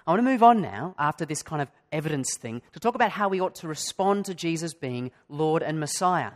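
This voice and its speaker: A middle-aged man preaches in an earnest, searching way, putting question after question to his congregation. His voice sits fairly high for a man. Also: very animated, fairly quick. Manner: earnest, asks the listeners many direct questions. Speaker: pastor. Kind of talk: sermon.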